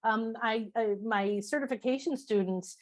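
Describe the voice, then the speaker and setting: Animated woman spiritual teacher chatting. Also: fairly high pitch, moderate pace. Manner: animated, acts out inner voices and self-talk; emphatic, repeats phrases for effect. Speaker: spiritual teacher and author, podcast guest. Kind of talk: casual interview chat.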